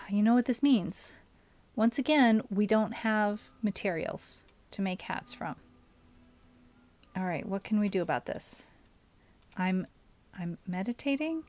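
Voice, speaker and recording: A young woman streaming a game, talking at an unhurried, drawn-out pace. She chats casually, musing aloud and answering her chat between moves. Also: medium pitch, darkish tone. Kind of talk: casual live-stream chat while playing.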